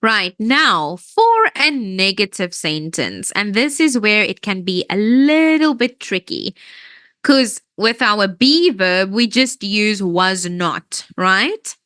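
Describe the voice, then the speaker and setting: Animated, slow-spoken woman teaching grammar. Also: mid-range voice, no echo. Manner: patient, explains step by step, checks understanding often. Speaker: English teacher. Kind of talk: online grammar lesson.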